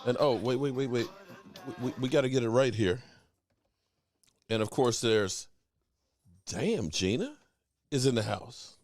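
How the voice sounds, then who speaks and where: A man's voice: mid-range voice, lively intonation, unhurried, pauses often, a little mellow, faint music behind. A man hosting a casual sports talk live stream. He rambles, stammers and restarts often, and greets chat viewers by name. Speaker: sports talk show host.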